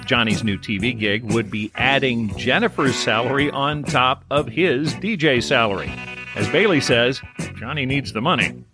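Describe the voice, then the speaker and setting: A man co-hosting a podcast, describing and discussing a sitcom episode in a brisk, explanatory way. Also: mid-range voice, music in the background.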